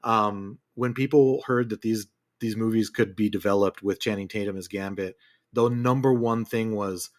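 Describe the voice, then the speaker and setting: A man co-hosting a film review podcast, talking in an enthusiastic, animated way about a movie he loved. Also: lowish voice, normal speed. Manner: enthusiastic, animated, mimics quotes. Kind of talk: casual film review chat.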